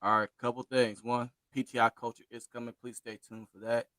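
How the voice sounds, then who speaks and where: 남자 밝은 음색으로 장난스럽게 말하는 공동 진행자. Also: male voice, mid-range voice, flat delivery, a little fast, sharp tone, dry recording. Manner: playful trash talk. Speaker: co-host. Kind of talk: casual podcast chat.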